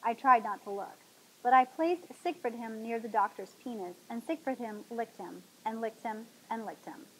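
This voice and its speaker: A woman hosting a talk show, reading a novel aloud in a dramatic, expressive way. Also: on the high side, moderate pace, slight background noise, rough recording.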